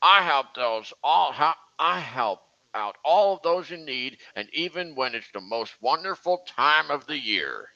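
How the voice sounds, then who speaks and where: A man's voice: a little high, expressive, a little slow, vocal fry, few pauses, pushed and bright, dry recording, dull audio, exaggerated voice. A man doing a Southern Christmas engine. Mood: friendly. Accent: American Southern. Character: kindly old male Christmas steam engine.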